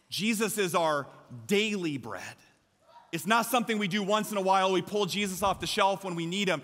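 A man with an American Midwestern accent preaching a lively sermon as a pastor, with emphatic bursts and shouts. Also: sits high, normal speed. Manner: energetic, emphatic preaching with sudden loud shouts. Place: large church sanctuary. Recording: long hall reverb from a church.

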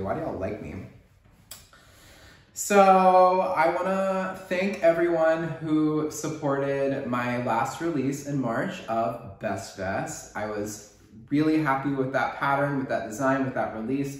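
A man with a Texas accent hosting a casual knitting podcast, rambling and joking with a lot of "like" in his speech. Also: mid-range voice. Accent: Texan. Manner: rambling, chatty, joking, lots of "like". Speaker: podcast host. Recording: very echoey room.

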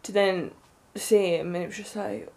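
A young woman vlogging, telling a story in an excited, rambling way with lots of fillers. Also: medium pitch, moderate pace, vocal fry, a little hiss or hum. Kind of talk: casual storytelling to camera.

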